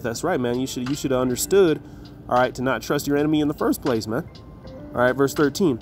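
A man teaching scripture, reading verses slowly and with emphasis, then explaining them in loose everyday talk with a faint music bed behind. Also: medium pitch, darkish tone. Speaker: Bible teacher. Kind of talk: scripture reading with casual commentary.

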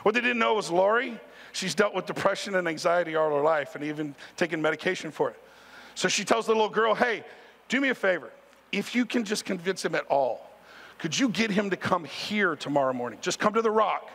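A man preaching a sermon as pastor, telling a story in an animated, conversational way and speaking straight to the congregation. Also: high-pitched, a little fast, vocal fry, big-room sound. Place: church sanctuary.

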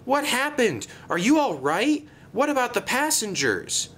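A man voicing an earnest young male tank engine in a storybook tale, speaking in an excited, pleading way. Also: unhurried, slight background noise. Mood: anxious. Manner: excited, pleading, raised-pitch voice.

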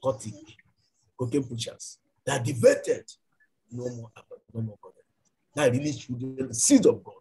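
A man's voice: mid-range voice, lively intonation, normal speed, warm tone, low-quality recording. A man preaching a church sermon and leading fervent prayer, repeating his lines again and again. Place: church service.

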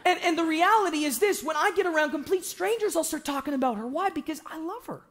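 A young man preaching an evangelistic sermon in a church, joking with the congregation and breaking into shouts for emphasis. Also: very high-pitched, fast. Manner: animated, joking, bursts into shouting.

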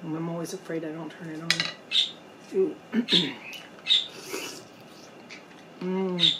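A woman vlogger chatting casually while eating on camera at home, pausing often to savor her food. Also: deep voice, flat delivery, heavy background noise. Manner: slow, chatty, pauses to eat and savor. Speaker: mukbang vlogger. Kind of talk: casual eating vlog chat. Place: indoors at home, storm outside.

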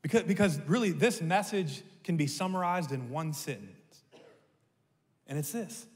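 Storytelling pastor in an echoey hall. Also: male voice, a little high, a little slow. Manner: animated, humorous storytelling. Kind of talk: sermon. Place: church sanctuary.

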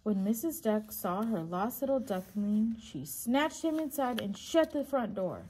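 A woman, a preschool teacher, reading a children's storybook aloud in a slow, expressive way. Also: mid-range voice, slight background noise.

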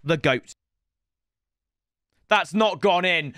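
A young man giving excitable, swear-filled commentary on his football video game, often yelling at the game. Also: sits high, slow pace, dry recording, clean studio sound. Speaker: gaming YouTuber. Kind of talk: let's-play gaming commentary.

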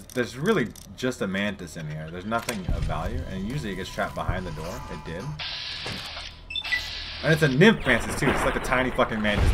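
A man giving casual, rambling gameplay commentary, swearing freely and chatting to his viewers. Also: on the low side. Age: adult parent. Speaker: let's play gamer.

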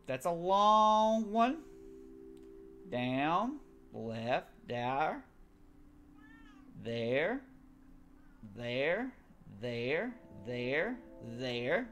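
A man's voice: a little high, a bit bright. Swearing, frustrated man muttering gameplay. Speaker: gamer. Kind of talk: gameplay commentary.

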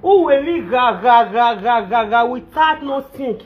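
A woman's voice: on the high side, animated, unhurried, phone-quality sound. Woman ranting in Nigerian Pidgin. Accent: Nigerian Pidgin English. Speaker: social media personality on a live video. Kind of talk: live video rant.

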